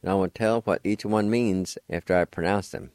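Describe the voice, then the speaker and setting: A middle-aged radio teacher gives an unhurried vocabulary lesson, spelling every word out one letter at a time. His voice is low, steady and a little mellow, captured in studio quality with no room sound.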